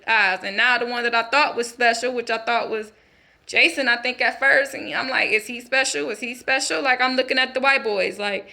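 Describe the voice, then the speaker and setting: A woman's voice: a little high, sharp tone. A woman speaking as a bitter, racist stepfather who drives a truck, ranting in profane street talk. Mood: contemptuous. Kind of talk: channeled monologue in character.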